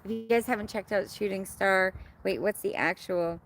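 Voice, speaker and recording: A woman's voice: mid-range voice, fairly even intonation, normal speed. A middle-aged woman from Canada hosting a casual livestream outdoors, chatting and reading viewer comments in a bubbly, hyper way. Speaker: livestream host. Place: outdoors in her yard.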